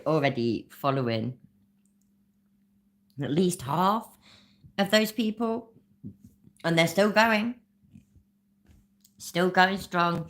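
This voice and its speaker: A woman hosting a reaction commentary, mocking and sarcastic, swearing freely. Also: low voice. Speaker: channel host.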